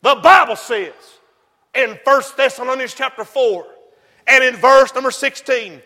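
A man preaching a fiery sermon, shouting and whooping, then dropping to low asides. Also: a little slow. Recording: long hall reverb.

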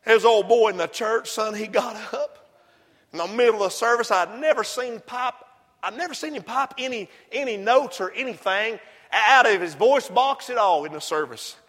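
A preacher man with a very high, bright, piercing voice hollers and whoops his way through a fiery sermon. He drops now and then into low, quick asides. A long reverb trails off every shout in the church hall.

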